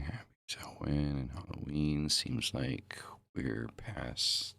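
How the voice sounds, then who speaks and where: A man's voice: very deep voice, drawn-out words, gravelly, pauses often, no room sound. A man hosting his own live podcast, chatting casually and rambling with many fillers and repeated words, using a home streaming mic. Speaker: podcast host.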